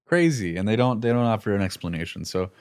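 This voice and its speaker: A young man co-hosting a casual movie review chat, animated and sarcastic, often laughing. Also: fairly low pitch, fast talker, clear, resonant tone. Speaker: podcast co-host.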